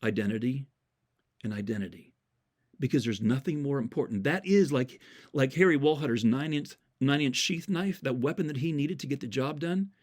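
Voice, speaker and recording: An earnest man delivers a sermon-style message at an ordinary mid pitch. He repeats key words for emphasis and quotes scripture verses from memory as he tells stories. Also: moderate pace, a little mellow. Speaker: Christian speaker.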